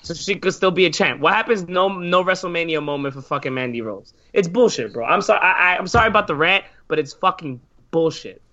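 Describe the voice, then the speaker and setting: A man with a bright, forceful voice rants on a casual podcast, sarcastic and heavy with swearing. His voice sits a bit high for a man. The recording sounds dull and lo-fi. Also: lively intonation, brisk, few pauses. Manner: loud, swearing, sarcastic ranting. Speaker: podcast co-host.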